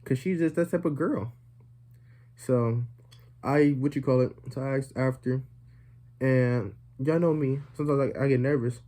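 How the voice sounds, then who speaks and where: A young man spins a comedic storytime for his viewers, his voice dark and mellow. He rambles, piles on fillers and slips in deadpan jokes as he goes. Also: medium pitch, moderate pace. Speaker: vlogger.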